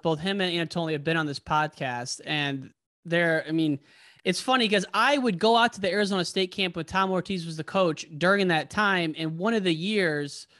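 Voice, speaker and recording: A man's voice: a little high, a bit bright. A man hosting a podcast, asking questions in an enthusiastic, chatty way. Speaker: podcast host. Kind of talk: casual interview.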